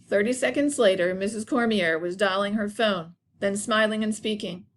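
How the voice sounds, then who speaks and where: A woman's voice: medium pitch, moderate pace, few pauses, slight background noise. A woman teacher narrating a children's chapter book aloud for young students. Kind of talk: children's story read-aloud.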